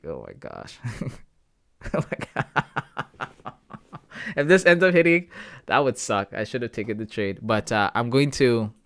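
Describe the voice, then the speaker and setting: Young guy on a trading livestream, chill, thinking out loud, keeps saying bro to chat. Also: on the low side. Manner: thinking aloud, talks to chat with "guys" and "bro". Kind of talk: casual live commentary.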